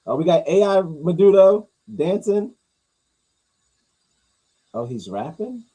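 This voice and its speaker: A man's voice: sits high, very animated, slow, pauses often, warm tone, slightly rough, poor audio. A man giving casual, profane, rambling reaction commentary as a vlogger. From New York.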